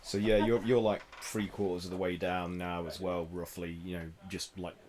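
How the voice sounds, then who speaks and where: Man, very low voice, game master, relaxed narration, many fillers. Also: moderate pace, a crowd in the background. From United Kingdom.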